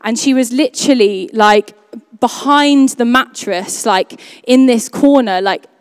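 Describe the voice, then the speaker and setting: A woman's voice: on the high side, a little slow, clear, resonant tone, no room sound, studio quality. Chatty young woman sharing a testimony. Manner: chatty, many fillers like "um" and "like". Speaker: church speaker sharing a testimony. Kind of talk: personal testimony talk.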